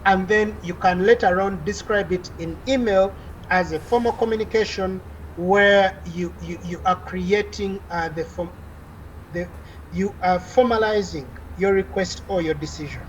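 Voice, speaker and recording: A woman's voice: medium pitch, unhurried, muffled recording, slight background noise. A woman lecturer teaching an online class over a video call, explaining at length with frequent "uh" fillers and restarts.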